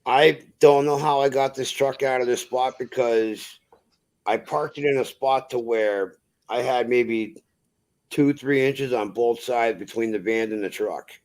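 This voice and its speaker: Speaking at an unhurried pace with a medium-pitched voice, this man is a truck driver from Massachusetts. He chats casually, spinning a profane, energetic tale and voicing the people in it.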